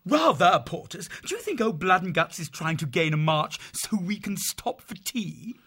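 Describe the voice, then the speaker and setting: A man's voice: sits high, expressive, normal speed, fairly bright tone, breathy edge, pitched above the performer's own voice, heavily acted. A man voicing an easygoing young male hare junior officer with a plummy drawl. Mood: wry. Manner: plummy upper-class drawl.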